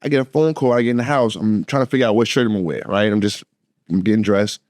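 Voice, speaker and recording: A man co-hosting a podcast, telling a story in a lively, laughing way and acting out the voices in it. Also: on the low side, quick pace, dry recording, clean studio sound. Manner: animated, laughing, acts out voices in his story. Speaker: podcast co-host. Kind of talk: casual storytelling chat.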